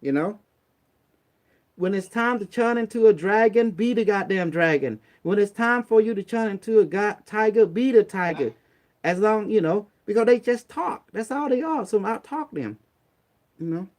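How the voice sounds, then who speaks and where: A man from Cambodia talks casually and bluntly, handing out streetwise advice like a preacher. His voice sits fairly high for a man. He slips into little acted quotes to make his point. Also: expressive, moderate pace, darkish tone. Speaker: online talk host. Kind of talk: casual motivational talk.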